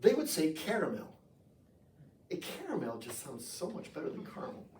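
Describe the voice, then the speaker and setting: An American man preaching a sermon as pastor, in a conversational, animated way with jokes. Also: a little high, quick pace, a little hiss or hum. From United States. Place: church sanctuary. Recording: echoey room, voice from far off the mic.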